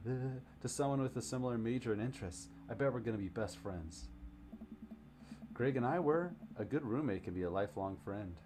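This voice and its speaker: A man's voice: medium pitch, expressive, a little fast, a little mellow, natural voice. A man voicing a bubbly, chatty teenage daughter in a video game, with faint background noise. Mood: eager. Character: excitable teenage girl, college-bound daughter.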